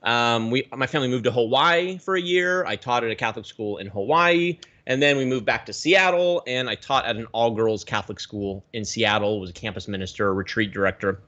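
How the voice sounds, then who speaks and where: A man from the Pacific Northwest, a guest telling his story in a rambling, animated way with many restarts, on a video call. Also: mid-range voice, a little fast, hardly any pauses, dull audio. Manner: animated, rambling, self-correcting. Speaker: guest, aquarium YouTuber.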